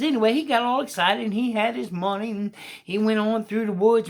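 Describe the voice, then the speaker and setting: Folksy woman telling a children's story. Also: medium pitch.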